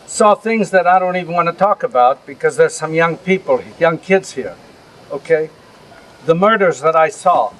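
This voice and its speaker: Older man lecturing, earnest and high-voiced. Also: a bit bright, slight background noise, poor audio. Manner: earnest, plain-spoken, with asides to the audience. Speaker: Holocaust survivor speaker. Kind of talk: lecture with audience questions. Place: outdoor camp gathering.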